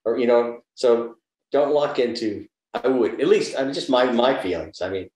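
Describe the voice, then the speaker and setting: A man's voice: medium pitch, expressive, moderate pace, a little mellow. Reflective older man in an echoey room. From United States. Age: 70s. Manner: thoughtful, storytelling, gives advice. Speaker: interview guest, actor. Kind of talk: reflective conversational interview. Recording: roomy echo.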